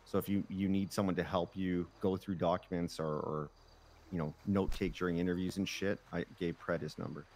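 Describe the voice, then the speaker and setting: A man's voice: deep voice, little pitch movement, fairly quick, a little mellow. A man talking in character over voice chat, casually explaining legal steps one by one.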